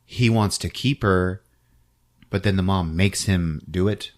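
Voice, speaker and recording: A man hosting a podcast, recapping a movie as an animated storyteller who laughs often. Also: low voice, measured pace. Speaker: podcast host.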